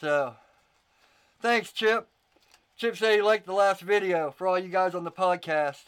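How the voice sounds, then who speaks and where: A man's voice: high voice, unhurried, a bit bright, clear, resonant tone. A man, a YouTuber and knife maker, chatting casually on a livestream, rambling with repeated words and answering viewer comments.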